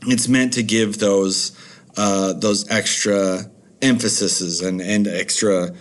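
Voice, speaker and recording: A man's voice: on the low side, steady tone, slow pace. A man teaching a recorded video lesson, chatty and rambling with many fillers.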